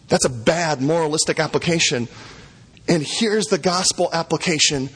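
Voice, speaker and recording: A middle-aged male pastor delivers a sermon in a fairly high, husky voice. He is emphatic and hammers his points home by repeating key phrases. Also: moderate pace, fairly bright tone.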